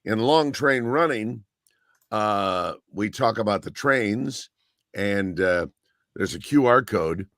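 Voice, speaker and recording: Older male radio guest, low voice, dry recording, chatty and rambling. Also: fairly bright tone, no room sound. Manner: rambling and eager, many fillers. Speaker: radio broadcaster and author guest. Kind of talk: casual interview chat.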